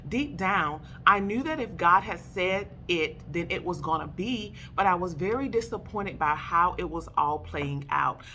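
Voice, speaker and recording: A woman sharing a personal faith testimony and exhorting wives, animated and emphatic, calling her listeners "baby". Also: lowish voice, a little slow, hardly any pauses, slight background noise. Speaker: faith vlogger addressing wives.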